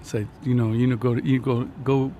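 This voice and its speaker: A man's voice: medium pitch, flat delivery, brisk, mellow, a little hiss or hum. A man in his fifties, a guitarist guest telling anecdotes in a casual, rambling conversation. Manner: chatty storyteller, jumps between anecdotes. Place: outdoor restaurant patio at night.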